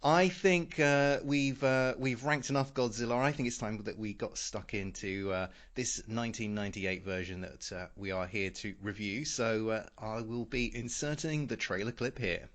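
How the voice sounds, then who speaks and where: A man hosting a film podcast, moving between casual chat and a read synopsis, with a halting delivery. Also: lowish voice, steady tone, a bit bright. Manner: halting, with many pauses while reading. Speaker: podcast host.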